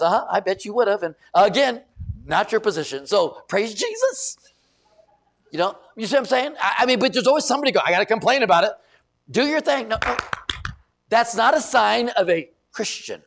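A middle-aged male pastor preaching a sermon, telling stories with loud emphasis and quiet asides. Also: high voice, fairly quick, vocal fry. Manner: animated storytelling, shifts between loud emphasis and quiet asides.

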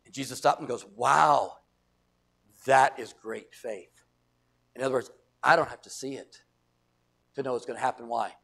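A man's voice: medium pitch, fast, pauses often, bright, forceful tone, husky. A middle-aged man from the United States preaching a sermon as pastor, emphatic, repeating phrases and acting out quoted voices.

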